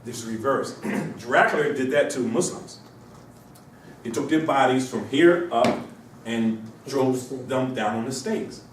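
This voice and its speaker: A man's voice: mid-range voice, takes it slowly. A man with a cold gives a rambling classroom lecture, throwing out question after question to his students. He sounds far from the mic in a very echoey room with a faint hiss underneath. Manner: rambling, asks rhetorical questions. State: has a cold. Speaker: instructor. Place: university classroom.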